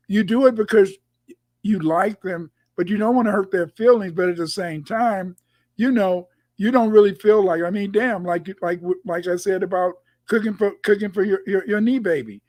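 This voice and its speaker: High-voiced man, rambling storyteller. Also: a little mellow, dry recording. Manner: rambling, repeats words, storytelling. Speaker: guest commentator. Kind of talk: casual conversation. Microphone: video call.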